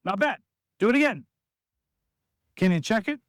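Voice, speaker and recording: A man with a high voice running a basketball practice, recorded close and dry. He calls out drills and instructions and breaks into the shouts he wants his players to use on the court. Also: animated, normal speed, no room sound. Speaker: basketball coach. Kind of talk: coaching at practice.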